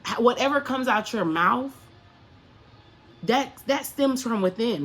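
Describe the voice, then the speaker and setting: A woman's voice: on the high side, lively intonation, a little slow, fairly bright tone, husky. Woman spiritual coach chatting to viewers, emphatic, keeps asking the same questions over and over, swears casually. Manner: emphatic, repeats rhetorical questions, profane slang. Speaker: spiritual coach and astrology reader.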